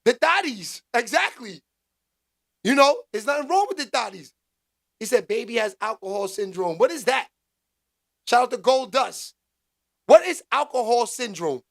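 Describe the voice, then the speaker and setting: A man hosting a casual live stream, talking with the chat in slangy street talk and bursting into loud exclaims. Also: extremely high pitch, big pitch swings, moderate pace, creaky, long pauses. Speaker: livestream commentary host.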